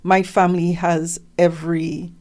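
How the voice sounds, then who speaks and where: An animated middle-aged woman speaks as a guest in a relaxed interview, her voice sitting a little low for a woman. She talks with emphasis and slips into the questions others have put to her, bringing them to life as she quotes them. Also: unhurried. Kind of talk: conversational interview.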